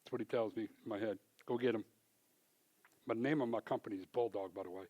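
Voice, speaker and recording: A man giving a church testimony, an animated storyteller who acts out both sides of the conversations. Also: fairly low pitch, racing. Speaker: small business owner giving testimony. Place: church sanctuary.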